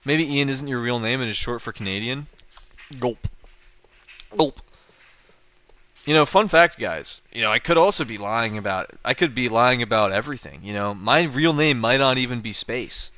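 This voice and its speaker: A man's voice: medium pitch, lively intonation, normal speed, a bit bright, lo-fi sound. A young man livestreaming a game, chatting casually and teasing his viewers as he answers them. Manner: joking, teasing, reacting to chat. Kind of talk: casual livestream chat while playing.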